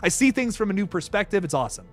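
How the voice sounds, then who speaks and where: Young man, high voice, very animated pitch, casual streaming chat, frequent laughs, casual swearing. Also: rapid-fire, soft background music. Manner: laughs often, excitable, swears casually, stammers and restarts. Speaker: livestream host reading super chats.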